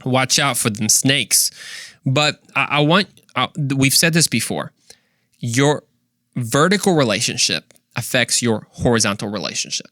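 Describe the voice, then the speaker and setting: Christian podcast guy, earnest and chatty, middle pitch, dry close sound. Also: lively intonation, measured pace, pushed and bright, dry recording. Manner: earnest, conversational, with rhetorical questions. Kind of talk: casual solo podcast monologue.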